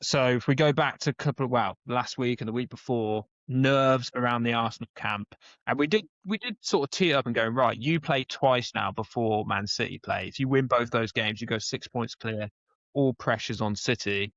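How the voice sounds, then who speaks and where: A man's voice: medium pitch, moderate pace, a bit bright, no echo, highs cut off. A man, chatting and joking as a podcast co-host. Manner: laughing, jokey banter. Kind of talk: casual chat.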